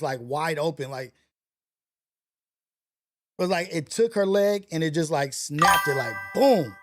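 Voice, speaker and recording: Slangy man telling a story. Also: a little high. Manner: loose, slangy retelling with many fillers and restarts. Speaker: livestream host. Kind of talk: casual storytelling. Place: home setup for a portrait livestream.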